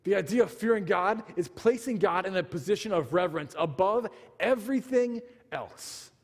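A man's voice: high voice, big-room sound. A man in his thirties preaching a sermon, earnestly telling a family story and acting out the dialogue.

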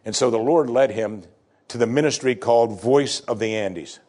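A male pastor preaching a sermon, telling a story with dramatic pauses and slowing down to stress key phrases. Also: medium pitch, a little mellow. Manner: emphatic, slows for key phrases.

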